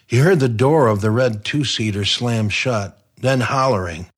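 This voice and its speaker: A man's voice: mid-range voice, unhurried, breathy edge. A man reading a comic crime novel aloud, in a dry, wry storytelling manner. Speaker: narrator. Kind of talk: audiobook narration.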